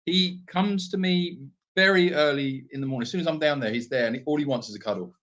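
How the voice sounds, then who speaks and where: A man's voice: on the high side, fast, a bit bright. A British man co-hosting a casual live Q&A from an animal sanctuary, rambling with plenty of fillers and restarts. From Britain. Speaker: sanctuary co-host.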